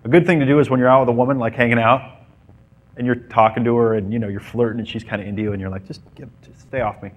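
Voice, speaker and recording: A man's voice: medium pitch, steady tone, very fast, phone-quality sound. A man giving a playful dating-advice talk to a live group, acting out little scenes as he goes. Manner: playful, mimics women and acts out scenes. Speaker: dating coach.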